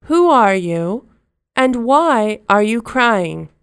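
A woman voicing the girl Wendy, kind and curious, in a gentle storybook reading. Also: a little high, very animated, drawn-out words, clean tone, dry recording, studio quality, heavily acted.

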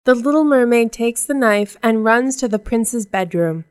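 A woman narrating a storybook aloud in a calm, measured way. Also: a little high, clean tone.

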